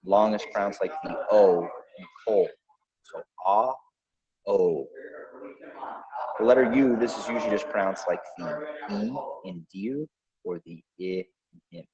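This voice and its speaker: A lower-pitched man hosts a pronunciation lesson, deliberately spelling out letters and sounding out each example word. The recording is dull and lo-fi, with little top end. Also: crowd noise. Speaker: podcast host.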